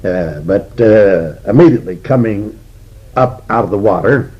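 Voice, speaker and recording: An older man preaching an expository sermon as a Bible teacher, slow and deliberate with frequent pauses. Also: lowish voice, expressive, breathy edge. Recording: dull lo-fi recording.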